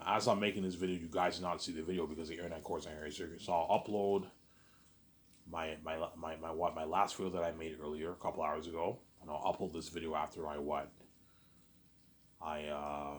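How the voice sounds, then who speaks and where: A man with a very deep voice records a rambling late-night vlog indoors. He wanders from thought to thought, restarts his sentences and keeps repeating himself. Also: steady tone, brisk, slight background noise. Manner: meandering, repeats himself, says "obviously" often. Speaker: vlogger.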